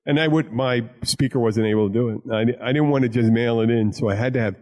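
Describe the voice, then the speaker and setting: A man's voice: mid-range voice, quick pace, darkish tone. A man hosting a podcast, a bartender telling rambling stories full of crude jokes and restarts. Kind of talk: casual chat.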